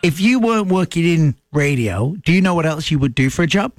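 A man with an English accent co-hosting a radio show, chatting casually and playfully with his co-host and slipping into quick impressions. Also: a little high, expressive, over music. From England.

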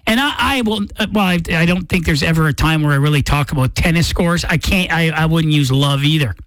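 A man's voice: on the high side, brisk, a bit bright, dry recording. A man hosting a morning radio show, chatting casually and correcting himself as he goes. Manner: rambling, self-correcting, chatty. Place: radio studio. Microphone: studio microphone.

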